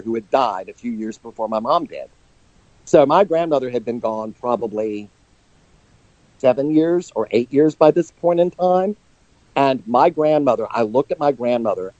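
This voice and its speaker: A man's voice: mid-range voice, a little mellow, no echo. A man, a psychic medium, telling personal stories earnestly and openly in a phone interview. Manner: earnest, open about emotion. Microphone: telephone. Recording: dull, lo-fi phone line.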